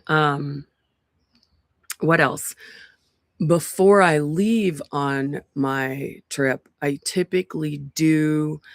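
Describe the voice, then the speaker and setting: A community group host with a low voice and vocal fry talks casually on a livestream from a porch set among pines, using her laptop's microphone. The audio is studio quality without echo, and her chatter wanders, peppered with ums and restarts.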